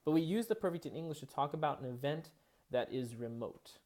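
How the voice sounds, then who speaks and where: A man's voice: a little high, animated, a little fast, darkish tone. A man giving a recorded college English lecture, explaining patiently and thinking aloud with frequent fillers and restarts.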